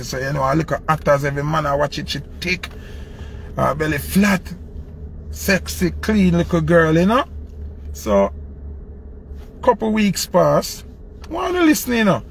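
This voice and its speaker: A man with a Jamaican accent, a dancehall selector telling a personal story in an animated, rambling way. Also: a little high, vocal fry, a little hiss or hum. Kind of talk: casual storytelling to camera.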